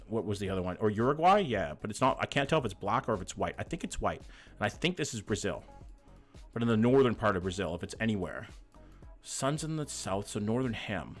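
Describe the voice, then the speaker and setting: A man's voice: on the low side, animated, a little fast, fairly bright tone, soft background music. A young man streaming a guessing game, chatty and thinking aloud as he talks to his chat, swearing casually. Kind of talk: live-stream commentary with chat.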